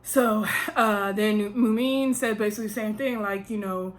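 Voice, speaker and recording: A woman's voice: medium pitch, fairly even intonation, moderate pace. A woman in a casual vlog, chatting with emphasis and talking straight to her viewers as she recaps a reality show.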